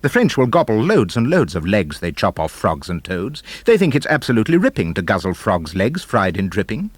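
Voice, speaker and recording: A man narrating a children's book of comic verse, animated, theatrical and rhythmic. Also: fairly low pitch, fairly quick, slightly rough, no room sound. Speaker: audiobook narrator. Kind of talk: expressive storybook verse reading.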